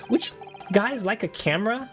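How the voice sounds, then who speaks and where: A woman's voice: fairly high pitch, expressive, normal speed, music in the background. A woman streamer making crude, joking asides while playing a game. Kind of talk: casual game stream commentary.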